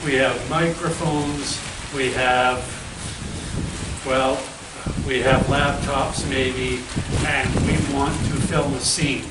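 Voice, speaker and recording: Slow-talking host far from the mic. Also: male voice, medium pitch, steady tone, heavy background noise. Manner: rambling, leading questions. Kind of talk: casual livestream chat. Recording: roomy, far from mic, rain behind.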